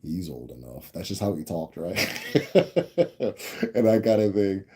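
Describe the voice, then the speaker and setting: A man's voice: fairly low pitch, measured pace, a little mellow, slightly rough. A man hosting a live stream, telling a family story in a rambling, casual way, with lots of restarts and tag questions. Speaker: host answering viewer questions.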